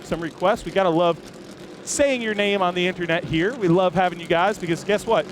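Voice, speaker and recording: A man's voice: high voice, fairly quick. A man hosting live, enthusiastic walk-around commentary in an outdoor race-car garage, chatting with viewers while filming on a camera he holds himself. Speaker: host. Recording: noisy outdoor garage, engines running. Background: engines and garage noise.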